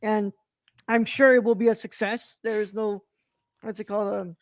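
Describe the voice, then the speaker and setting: A man's voice: sits high, little pitch movement, normal speed, dry recording. A man hosting a casual film review podcast, rambling with many fillers and restarts, recorded close and dry. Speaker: podcast host.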